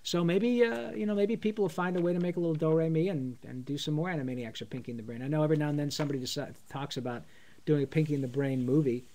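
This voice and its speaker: A middle-aged man answers fan questions in an eager, rambling way. His voice sits a little high, and he talks through plenty of fillers and self-corrections. His tone is loose and chatty. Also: steady tone, rapid-fire, mellow. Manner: enthusiastic, rambling, with many fillers and restarts. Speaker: voice actor guest. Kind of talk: casual live Q&A chat.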